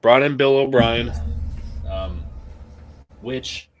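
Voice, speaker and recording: A young man with a medium-pitched voice draws out his words over a little hiss or hum. Co-hosting a casual sports podcast as a Patriots fan, he talks about his football team with sarcastic asides and frequent laughs.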